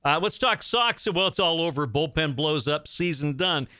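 Bright-voiced male radio host. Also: fairly high pitch, lively intonation, moderate pace, dry recording, clean studio sound. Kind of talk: casual radio chat.

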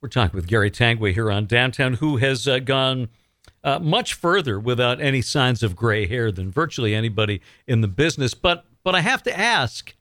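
Bright, bantering male radio host. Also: mid-range voice, no room sound, clean studio sound. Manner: jokey, bantering. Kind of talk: casual radio interview.

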